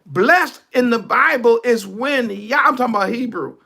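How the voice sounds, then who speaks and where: A man's voice: very high-pitched, normal speed, creaky, sharp tone. A male preacher giving a fiery, colloquial online sermon, reading scripture and preaching it.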